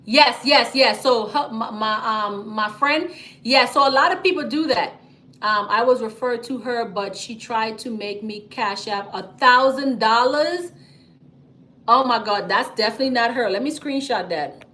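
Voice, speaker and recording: A woman's voice: fairly high pitch, moderate pace. A woman hosting a casual business livestream, talking emphatically and reading out viewer comments. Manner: chatty and emphatic, frequent "okay?" and "y'all", animated storytelling. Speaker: livestream host, business credit coach.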